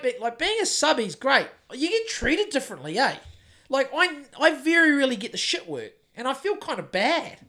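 A man with an extremely high, pushed, bright voice and a New Zealand accent chats casually. He's a house painter and podcast co-host, and his talk rambles, swears a lot, and keeps restarting.

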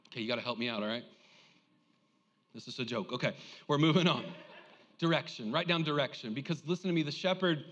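A male pastor preaching a lively sermon, joking and calling on the congregation to respond. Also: medium pitch, big-room sound, muffled recording.

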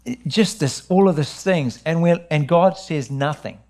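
Animated New preacher man. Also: a little slow. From New Zealand. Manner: animated storytelling, rising high when excited. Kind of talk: sermon with personal testimony.

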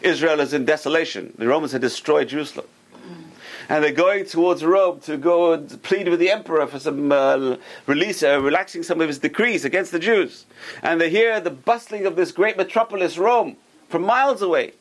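A man teaching a Torah class as a rabbi, emphatic and repeating his key words, who tells stories in an animated way. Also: a little high, brisk, low-quality recording.

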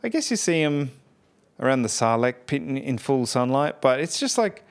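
A man with a smooth, resonant voice and a middling pitch, hosting a podcast. He rambles through his episode review in easy conversation, trailing off and correcting himself as he goes. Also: very animated, moderate pace. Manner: rambling and chatty, many fillers and self-corrections. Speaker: podcast host.

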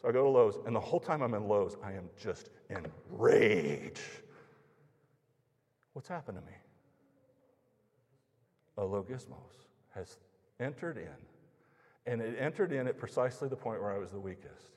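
A man's voice: lowish voice, animated, measured pace, pauses often, a little mellow, slightly rough. A man preaching through a personal anecdote in a conversational way, acting out the lines of the people in it. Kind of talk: storytelling sermon. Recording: long reverb of a large hall.

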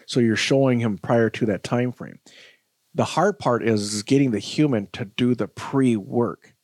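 A man's voice: medium pitch, normal speed, a little mellow, dry recording. A man with a mid-range voice talks through dog behavior as a podcast guest, laying out his points patiently with plain everyday examples. The sound is dry and close. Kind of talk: podcast interview.

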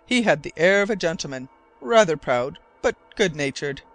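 A man's voice: a little high, animated, moderate pace, fairly bright tone, soft background music. A man voicing a vain, chatty older male island governor who was once a corporal. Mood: reminiscing. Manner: chatty, boastful, eager to reminisce.

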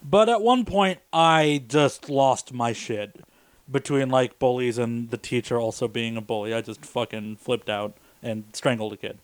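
A man's voice: medium pitch, a little slow, smooth, no room sound. A young man co-hosting a podcast, telling a story in a casual, profane way and laughing often. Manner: laughs while telling stories, profane and wry. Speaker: podcast co-host.

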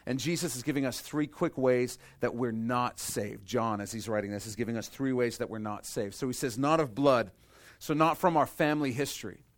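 Male pastor, mid-pitched voice, sermon delivery that drops to a hush and then builds to emphatic bursts. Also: moderate pace. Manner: impassioned, swings from hushed to emphatic; rhetorical questions and repetition.

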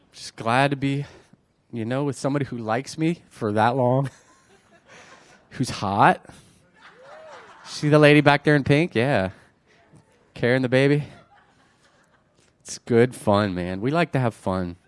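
A man in his forties preaching a chatty, conversational sermon to a congregation, full of self-deprecating jokes. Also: mid-range voice. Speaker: pastor. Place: church before a congregation.

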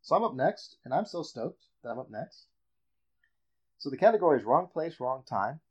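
A man's voice: medium pitch, moderate pace, husky. A man hosting a casual sports podcast chat, telling a story with dramatic build-up. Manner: animated storyteller, builds up reveals. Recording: dull lo-fi audio.

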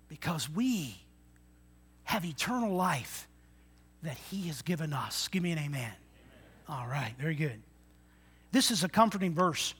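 Man in his sixties preaching with a high, bright voice. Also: husky. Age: 60s. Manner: lively preaching, swinging between loud emphatic lines and quiet asides. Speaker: pastor. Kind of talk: sermon.

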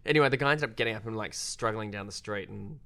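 A man's voice: fast, creaky. A young Australian man, a filmmaker guest, telling a story in casual, self-deprecating chat. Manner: animated, self-deprecating, jumps pitch when quoting.

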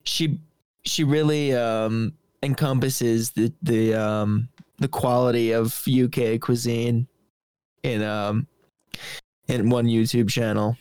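A man in casual podcast banter, rambling and swearing freely with plenty of fillers. His pitch sits in a middle range and the recording is dry and close, with no room echo. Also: flat delivery, slow, darkish tone, clean tone. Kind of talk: casual chat.

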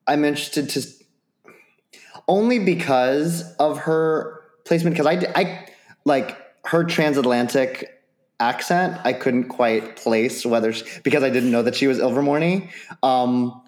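Give me a man chatting on a podcast, halting and thinking aloud, with an echoey sound. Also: mid-range voice, darkish tone. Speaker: podcast panelist. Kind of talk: casual chat. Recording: roomy echo.

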